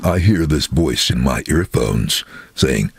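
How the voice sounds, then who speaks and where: A middle-aged man with a very deep, booming voice, telling stories in an interview in an animated, chuckling way. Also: slow, creaky, breathy edge, no room sound, clean studio sound. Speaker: voice-over artist, interviewee. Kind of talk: casual storytelling in an interview.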